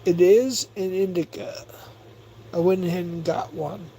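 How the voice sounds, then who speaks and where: Male livestream host: unhurried, rambling, profane, reads chat off the screen. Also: high voice, steady tone, gravelly, dark tone, a little hiss or hum, rough recording. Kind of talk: casual livestream chat, reading chat aloud.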